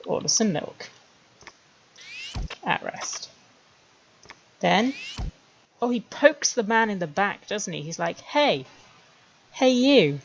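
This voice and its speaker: Low gravelly woman streamer. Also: muffled recording. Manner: chatty, wry, laughing at herself. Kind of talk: casual commentary while making a 3D animation.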